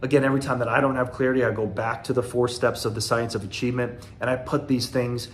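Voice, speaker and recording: Guy in his 40s from the south doing a casual motivational talk to the camera, earnest and rambly, mid pitch, bit of low rumble behind. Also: level tone, fast talker. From Southern United States. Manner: earnest, conversational, loose and rambling. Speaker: motivational speaker.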